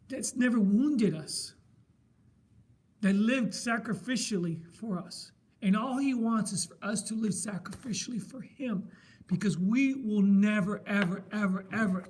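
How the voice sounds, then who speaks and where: A man's voice: high voice, measured pace, darkish tone. A middle-aged man leading a men's group, sharing his faith in a passionate, emphatic way and repeating his key words like a preacher.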